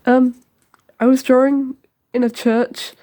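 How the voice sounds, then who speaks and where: A teenage girl chatting casually through a tour of her sketchbook, rambling with lots of ums and quick asides. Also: sits high, level tone, mellow.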